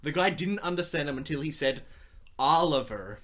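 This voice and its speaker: A man co-hosting a casual film commentary, telling stories in a relaxed way with dry asides. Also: fairly high pitch, fast. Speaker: podcast co-host.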